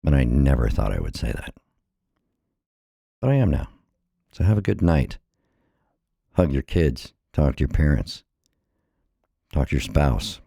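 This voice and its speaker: Middle-aged man from the States, dark husky bass, a bit breathless, impassioned solo vlog rant. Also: very animated, measured pace, long pauses, no echo, studio quality. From United States. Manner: earnest, impassioned, repeats phrases. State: a little out of breath. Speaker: vlogger. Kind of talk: personal monologue.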